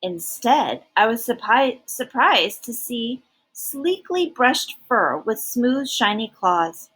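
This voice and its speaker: A woman reading a picture book aloud with lots of lift and fall in her voice. Her tone is bright and breathy. She takes her time over every line. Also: fairly high pitch, slow, rough recording. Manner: animated and expressive. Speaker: storybook reader.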